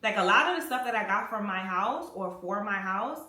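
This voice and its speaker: A woman's voice: medium pitch, brisk. A young woman telling a personal story in a candid, slangy way while she cleans her bathroom. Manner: candid, slangy, animated retelling. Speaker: vlogger. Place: home bathroom. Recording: echoey bathroom, mic at a distance.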